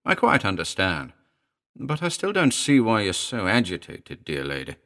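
A man voicing a smooth, condescending middle-aged gentleman in an audiobook drama, speaking in an unctuous, soothing way. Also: fairly low pitch, huge pitch swings, moderate pace, heavily acted.

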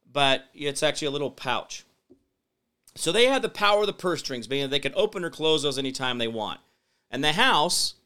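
Bright, crisp-voiced male talk show host. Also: mid-range voice. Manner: rambling, reads out viewer comments and replies; emphatic, builds up loudly when explaining. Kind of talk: casual live-stream commentary.

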